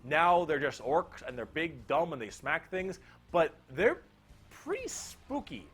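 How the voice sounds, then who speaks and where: A man's voice: on the high side, measured pace, fairly bright tone, husky. A man narrating a casual comedic explainer with lots of energy, joking and swearing freely.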